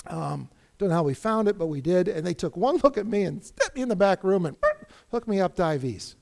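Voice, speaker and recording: A man's voice: high-pitched, brisk, gravelly. A middle-aged man preaching a sermon as a pastor, telling stories with energy and acting out the people he quotes. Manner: animated storytelling, acting out quoted voices.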